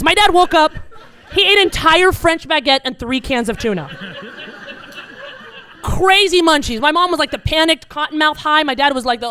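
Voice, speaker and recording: Woman, live storytelling, humorous, animated, audience present. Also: high voice, normal speed. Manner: animated, comic, punchy delivery. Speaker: storyteller and attorney. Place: stage before a live audience.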